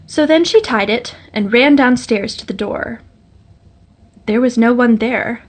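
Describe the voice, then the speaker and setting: A woman reading a vintage fairytale aloud as a homemade audiobook, in a gentle, measured storytelling manner. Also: on the high side.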